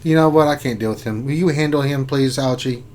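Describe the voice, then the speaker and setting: A man's voice: mid-range voice, a little fast, a little mellow, a little hiss or hum. A man hosting a casual gaming live stream, joking, laughing often and thinking aloud. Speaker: gaming channel host. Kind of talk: casual live-stream chat reviewing game rosters.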